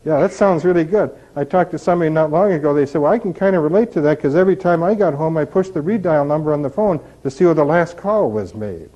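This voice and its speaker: A man's voice: a little high, expressive, fast talker, few pauses, mellow. A man giving an informal recovery talk, telling candid stories and tossing out rhetorical questions. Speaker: recovery speaker. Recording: dull lo-fi recording.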